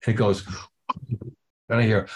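Speaking in a lowish, level voice at a moderate pace, an older man who plays drums recounts an anecdote during an interview. He acts out quotes animatedly and swears casually along the way.

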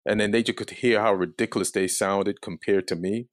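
Low calm dude telling a story, kinda monotone, dry sound. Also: male voice, a little fast, dry recording. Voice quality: calm, flat delivery. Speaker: comedian guest. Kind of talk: casual storytelling.

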